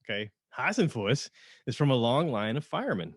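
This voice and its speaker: Easygoing male podcast host, mid pitch, quick laugh, dry close mic. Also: sing-song, breathy edge, no room sound. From North Georgia, US. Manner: laughs often, drifts into tangents. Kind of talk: casual podcast chat.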